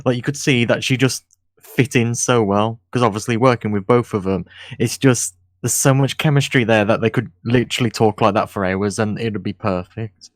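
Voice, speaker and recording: A man appearing as a podcast guest over a video call, talking in a relaxed, rambling way. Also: fairly low pitch, normal speed, no echo. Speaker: returning guest. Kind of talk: casual chat.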